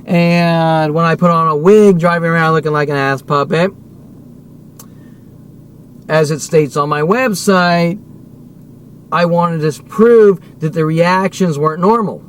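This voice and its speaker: A man delivering an agitated, profane, rambling rant as a vlogger, repeating himself and swearing often. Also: on the high side. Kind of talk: unscripted rant to camera. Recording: noisy recording with vehicle sounds.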